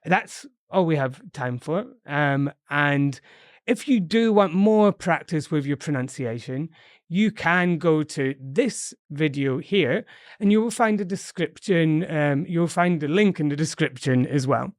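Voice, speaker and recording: A man's voice: a little high, lively intonation, a little slow, no echo, studio quality. A man hosting a pronunciation lesson, upbeat and encouraging as he explains word stress. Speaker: language teacher host.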